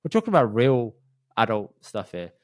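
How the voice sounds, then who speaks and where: A man tells self-mocking stories on a podcast, laughing often as he goes. His voice sits at a middling pitch, and the recording is close-miked and dry. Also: sing-song, moderate pace, dry recording. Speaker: podcast co-host. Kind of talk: casual chat.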